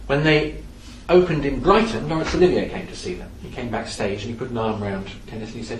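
A man giving a lively, anecdotal talk in a lecture-style storytelling manner. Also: mid-range voice, quick pace, few pauses. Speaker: speaker on theatre history. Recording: echoey room from some distance, faint background noise.

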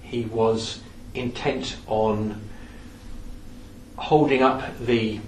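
A man's voice: medium pitch, fairly even intonation, drawn-out words. Man telling theatre stories in echoey room. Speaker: speaker on theatre history. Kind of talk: lecture-style storytelling. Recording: echoey room from some distance, faint background noise.

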